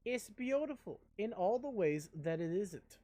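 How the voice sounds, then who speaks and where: Animated, joking male streamer. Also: high voice, measured pace, dry recording. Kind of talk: casual live-stream chat while gaming.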